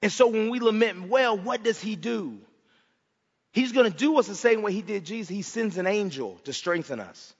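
A man preaching a passionate sermon in a church, swinging between loud cries and hushed, quiet lines. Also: high-pitched, animated, normal speed, breathy edge. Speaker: pastor. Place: church sanctuary. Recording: dull sound with long hall reverb.

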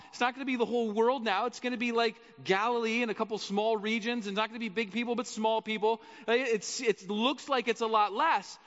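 A man preaching a sermon in a relaxed, conversational way, often checking in with the congregation, in an echoey church hall with dull lo-fi sound. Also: extremely high pitch. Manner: conversational, rambling, asks the crowd questions.

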